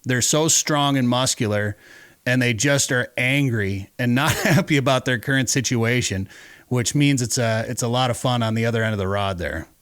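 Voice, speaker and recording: A man's voice: medium pitch, normal speed, a bit bright, smooth, no echo. A man hosting a fishing show, talking in a chatty, rambling way as he tells stories. His voice sits in an ordinary middle range, and the recording is dry and close with no room sound. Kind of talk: casual interview chat.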